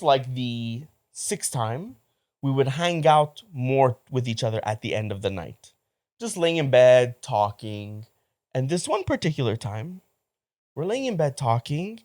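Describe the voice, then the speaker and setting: A man in his thirties talks through a story in casual chat. His pitch rises and falls freely. He drops into a quiet, hushed voice whenever he quotes someone. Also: sing-song, unhurried. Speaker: podcast co-host.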